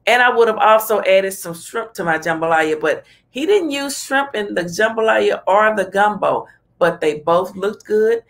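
A woman's voice: mid-range voice, expressive, normal speed. Chatty woman host giving her opinions. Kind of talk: casual commentary.

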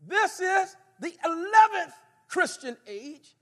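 A man preaching a fiery sermon, shouting with passion and leading the crowd in call-and-response prayers in a large conference hall. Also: extremely high pitch, sing-song, slow pace. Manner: impassioned, shouting, fired up. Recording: echoey hall.

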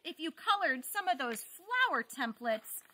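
A woman's voice: high-pitched, sing-song, measured pace, pushed and bright. A woman hosting a children's science show, giving cheerful, encouraging instructions to kids. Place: studio.

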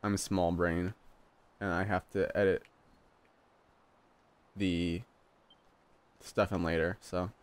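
A man's voice: deep voice, level tone, slow, pauses often, clean tone. A young man casually commentating a role-playing game as he plays, swearing often and laughing and exclaiming at surprises. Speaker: let's play gamer.

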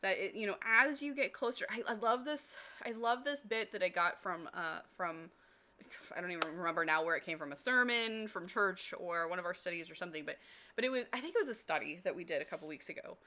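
A woman's voice: on the low side, lively intonation, a little fast, bright, forceful tone. A woman hosting a devotional livestream, talking while walking, emotional and gushing as she reads chat aloud. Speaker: Christian community host.

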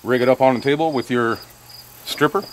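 A man's voice: medium pitch, brisk, a little hiss or hum, poor audio. A man chatting casually outdoors while working on a truck, explaining in loose fragments. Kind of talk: casual chat.

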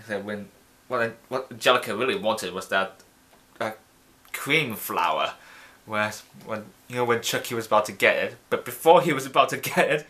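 A man's voice: on the low side, moderate pace, sharp tone. A young man from the UK giving rambling, chatty commentary while playing a game, often restarting his sentences. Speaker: let's play host. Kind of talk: casual gameplay commentary.

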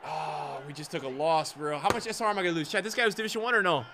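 A young man streaming a football video game, chatting casually with his viewers and swinging from low mutters to excited shouts, full of slang. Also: quick pace, noisy background. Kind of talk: live gameplay commentary.

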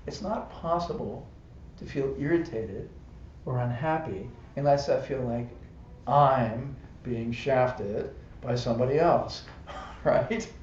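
A man with a medium-pitched, slightly mellow voice takes it slowly as he teaches a casual dharma class. He's chatty and laughs often, checking in with "right?" and "you know," over dull live-stream audio with echo and faint hiss.

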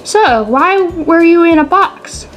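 A kind female teacher, curious and easily surprised, in a storybook reading, as a woman reads her lines. The voice is high and unhurried. Soft music plays faintly behind. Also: lively intonation, full character voice. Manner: surprised, inquisitive questions.

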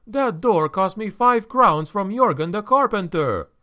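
A man's voice: high-pitched, animated, a little slow, pushed and bright, voice pushed up, heavily acted. A man voicing a frightened old male innkeeper with a thin, quavering voice. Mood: fearful.

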